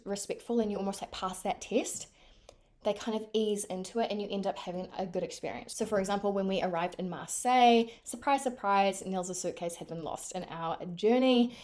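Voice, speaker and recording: Chatty New Zealand woman vlogger. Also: medium pitch. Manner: chatty and animated, many "like" fillers. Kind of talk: casual chat to camera.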